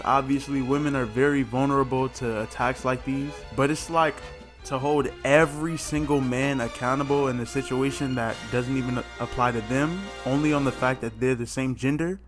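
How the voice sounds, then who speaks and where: A man hosting a reaction video, talking in a blunt, mocking, slangy way. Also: mid-range voice. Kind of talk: casual reaction commentary.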